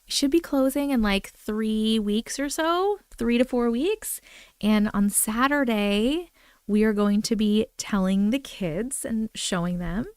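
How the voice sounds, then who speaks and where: A woman's voice: a little high, a little slow, a little mellow, smooth, no room sound, clean studio sound. A woman hosting a live stream from home, chatting casually and bubbling as she reacts to viewers' comments.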